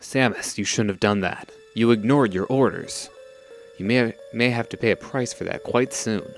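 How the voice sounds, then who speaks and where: A man reading out a stern, commanding ship computer's lines in a flat, measured way. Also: fairly low pitch, soft background music, lightly acted. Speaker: reading game dialogue aloud.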